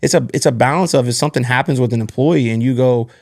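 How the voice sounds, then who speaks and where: A man's voice: mid-range voice, quick pace, gravelly, darkish tone. A man hosting a podcast, telling earnest, candid stories from his working life in casual conversation. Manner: candid, earnest storytelling about work. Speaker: podcast host.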